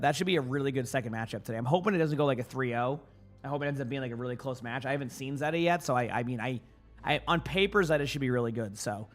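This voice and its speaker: A man streaming in the morning with his morning voice, chatting casually with viewers in a rambling way, stumbling and repeating words as he answers chat. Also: medium pitch. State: morning voice, just woke up.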